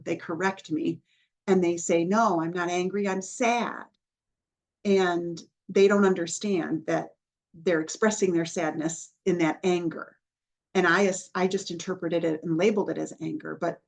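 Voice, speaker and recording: A woman hosting a podcast, explaining in a patient, instructive way and often checking in with the listener, softening her voice when she models calming phrases. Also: on the low side. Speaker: podcast host, child development professional.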